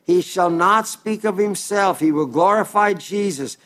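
A man preaching a sermon in an earnest, plain-spoken way, reading scripture aloud slowly and calling his listeners dear friends. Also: high voice, fairly bright tone.

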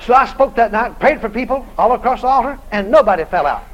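A man's voice: very high voice, animated, fast, a bit bright, some chatter behind, low-quality recording. A man preaching, telling a folksy story with chuckles. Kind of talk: storytelling sermon.

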